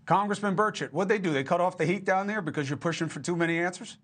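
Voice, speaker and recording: Punchy news anchor, fairly high voice. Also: male voice, quick pace, a bit bright. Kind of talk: cable news hosting.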